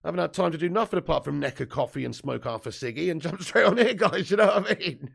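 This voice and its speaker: Talking fast and animatedly, a man in his 30s who has just woken up hosts a live football watch-along, swearing, joking, and reading out viewer comments between casual chat and match commentary. His voice is on the high side, creaky and a bit bright.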